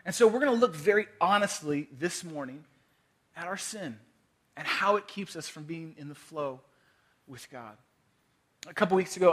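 A man in his thirties, a pastor giving a sermon in a conversational storytelling way, with quick laughs and voiced asides. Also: a little high.

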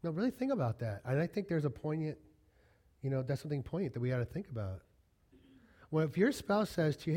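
A man's voice: fairly high pitch, sing-song, quick pace, dark tone. A man preaching a conversational sermon to his congregation, acting out little quoted exchanges as he goes. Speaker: pastor.

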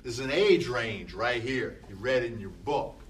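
A man's voice: mid-range voice, animated, moderate pace. A man teaching a class in a blunt, emphatic way, often arguing with himself in quoted dialogue. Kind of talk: classroom lecture. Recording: distant mic with faint room noise.

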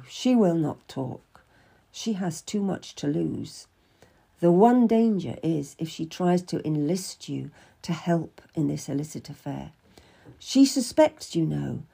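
A woman reading a firm, steady noblewoman. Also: on the low side, creaky, slightly rough, full character voice. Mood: commanding. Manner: measured, reassuring and commanding. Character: calm, firm noblewoman giving steady counsel. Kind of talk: storybook character reading.

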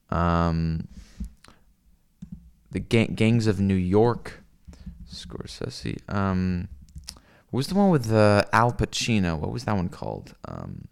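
Gravelly young man rambling on stream. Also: low-pitched. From US West Coast. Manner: rambling and profane, with many fillers. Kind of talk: casual stream chat with viewers.

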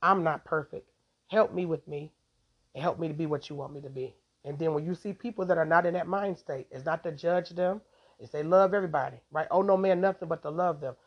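A woman's voice: low voice, brisk. A woman hosting a podcast, giving a casual, rambling devotional talk and laughing often, on a dull lo-fi recording.

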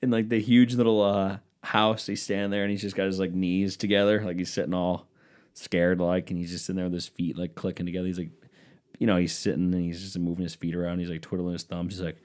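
A male podcast host riffing alone in a lowish voice. He rambles from tangent to tangent, swearing freely and poking fun at himself. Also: little pitch movement, quick pace, a little mellow. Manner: rambling, profane, self-mocking. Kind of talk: solo comedic podcast rant.

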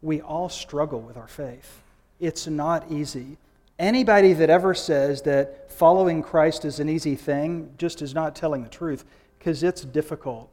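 A man's voice: on the high side, normal speed, a little mellow, big-room sound. A man preaching a sermon in a conversational, informal way, with frequent fillers and restarts. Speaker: guest preacher.

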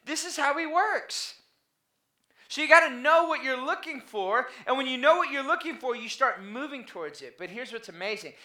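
Male pastor, bright and forceful delivery, casual storytelling sermon, echoey church room. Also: very high voice. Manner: conversational, anecdotal preaching with dad jokes.

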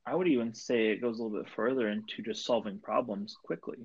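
A man hosting a podcast interview, reflecting back and summarizing in a measured way. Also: lowish voice, gravelly, husky. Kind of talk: interview questions. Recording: dull, dry lo-fi audio.

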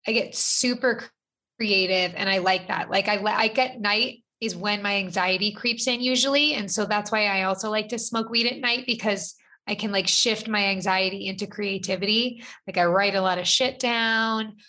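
Bright-voiced chatty woman. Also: medium pitch, normal speed. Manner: chatty, rambling with many fillers. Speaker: guest. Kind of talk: casual chat.

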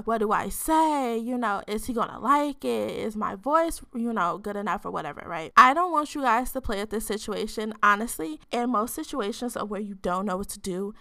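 A woman's voice: medium pitch, sharp tone, no echo, studio quality. A woman hosting a podcast, tipsy and talking frankly in a loose, profane, rambling way full of filler words. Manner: says she code-switches into a different voice on the podcast. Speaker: podcast host. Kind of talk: casual frank sex-advice chat.

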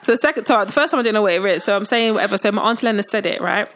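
A woman with a slight lisp, telling lively stories in a casual chat and teasing her co-host. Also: medium pitch, rapid-fire. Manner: teasing, exclaiming, laughing through stories. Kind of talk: casual chat, animated storytelling.

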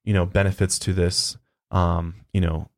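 A man co-hosting a podcast in a relaxed, rambling way, full of "you know" and "um". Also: deep voice, moderate pace. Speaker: podcast co-host. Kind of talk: casual podcast chat.

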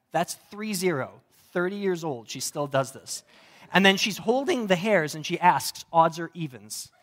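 Higher-voiced young male pastor, conversational. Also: fairly bright tone. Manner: conversational and humorous, varied delivery. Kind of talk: sermon.

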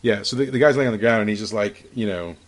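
A man narrates a tabletop game as game master, and his voice sits on the lower side. He hesitates often and fills the gaps with "um" and "uh" while he describes the action. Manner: halting, filler-heavy narration.

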